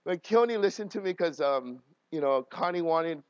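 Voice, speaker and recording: A man's voice: a little high, expressive, moderate pace, clean tone, no room sound. Emotional man pastor, dry muffled sound. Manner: emotional, swings from quiet to loud and laughing. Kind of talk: personal storytelling sermon.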